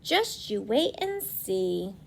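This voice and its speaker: A woman's voice: medium pitch, big pitch swings, slow, gravelly, slight background noise, heavily acted. A woman voicing a clever, kindly autumn leaf. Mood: eager. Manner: bright, eager and encouraging. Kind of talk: storybook read-aloud.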